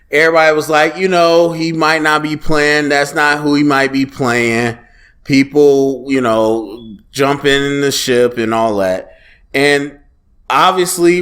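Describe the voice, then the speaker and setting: A man giving a casual solo review of a TV episode, talking loosely and animatedly and quoting lines as he goes. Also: fairly high pitch. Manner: conversational, animated, quotes dialogue in a loose relaxed tone. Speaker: TV show reviewer.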